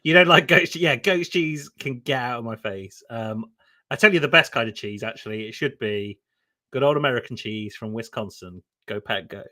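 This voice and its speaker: A man's voice: medium pitch, normal speed. A man, chatting casually and telling stories with lots of laughter. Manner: giggly, animated storytelling. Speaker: guest. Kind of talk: casual chat on a live stream.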